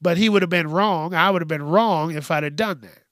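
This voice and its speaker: A man's voice: a little high, brisk, fairly bright tone, no echo, clean studio sound. A man hosting a podcast, ranting bluntly and swearing often in a casual monologue. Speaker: podcast host.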